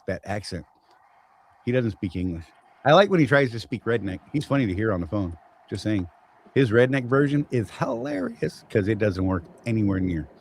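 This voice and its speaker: A man's voice: mid-range voice, low-quality recording. A man with a Southern accent hosting a casual live chat, rambling and teasing with jokes. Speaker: show host.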